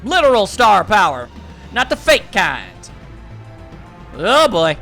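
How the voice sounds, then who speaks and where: Speaking slowly, this man's high voice swoops wildly in pitch and sounds pushed and bright. He's a let's play commentator, casual and wry, reading the game's dialogue out loud over faint game music.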